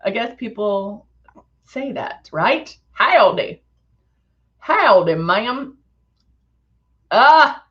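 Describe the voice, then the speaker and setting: A woman's voice: medium pitch, a bit bright, highs cut off. A middle-aged woman hosting a live makeup demo, chatting casually, laughing often and reading viewer comments aloud. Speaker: live stream host.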